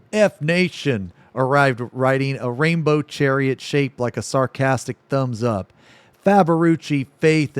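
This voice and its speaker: Male streamer, unhurried reader, halting delivery with asides, dead-dry sound. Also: medium pitch, dry recording. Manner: reads haltingly, breaks off to laugh and comment. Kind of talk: reading a silly story aloud on stream.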